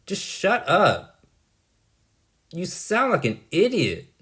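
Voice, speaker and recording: Man, vlog monologue, slow and rambling, pitch jumps all over, blunt and dismissive. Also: wildly swooping pitch, fairly bright tone. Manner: dismissive, repeats "right?" and "like"; blunt, exasperated. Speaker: vlogger.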